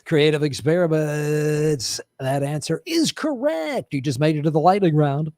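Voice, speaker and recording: A man putting on a male game show host voice with a slow, announcer-like delivery. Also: on the high side, lively intonation, darkish tone, no room sound, studio quality. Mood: announcing.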